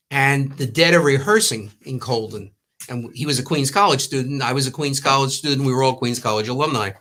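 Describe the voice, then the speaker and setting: An older man from the New York area, a former magazine owner, telling long anecdotes in casual talk and acting out the quotes. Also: medium pitch. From Long Island, New York. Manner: rambling, warm storytelling with acted-out quotes.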